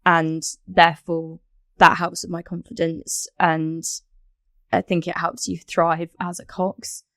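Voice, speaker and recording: Chatty woman with a lowish voice. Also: little pitch movement, slow, fairly bright tone, no echo, studio quality. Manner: reflective, chatty, laughs easily. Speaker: podcast guest, rowing coxswain. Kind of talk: conversational interview answers.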